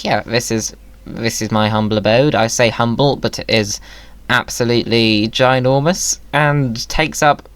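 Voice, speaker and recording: Young male let's-play voiceover artist, mid-pitched, rambling, self-mocking humor. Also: clean tone, dry recording. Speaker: Minecraft content creator. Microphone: voiceover mic.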